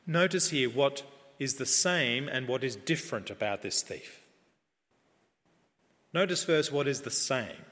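A man preaching a sermon in a measured, earnest way that builds in emphasis. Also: medium pitch, animated, sharp tone. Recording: long reverb of a large hall.

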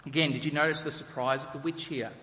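A man's voice: fairly high pitch, fairly even intonation, quick pace, pushed and bright, long reverb tail. A man preaching a sermon, emphatic and full of rhetorical questions to the congregation.

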